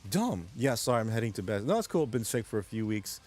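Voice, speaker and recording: A man's voice: fairly low pitch, sing-song, quick pace, darkish tone, soft background music. A man hosting a late-night stream, chatting loosely with viewers, rambling and swearing often, who says he came from New York. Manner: profane, rambling, restarts sentences. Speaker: livestream host. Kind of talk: casual rambling chat with viewers.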